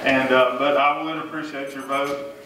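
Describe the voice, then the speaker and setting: A man's voice: mid-range voice, level tone, moderate pace. A man with a Southern US accent, a city council candidate giving an earnest forum speech and repeating himself now and then. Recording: echoey room, mic far off, noisy.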